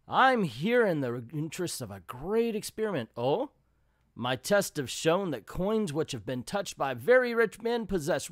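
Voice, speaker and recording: A man voicing a scheming sorceress duck from a comic, reading her lines in a calm, read-aloud way. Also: a little high, no echo, clean studio sound, pitched above the performer's own voice.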